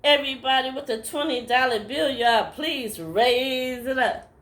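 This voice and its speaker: A woman voicing a showy male preacher who stretches out a slow appeal to his congregation for money. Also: high-pitched, a bit bright. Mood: coaxing.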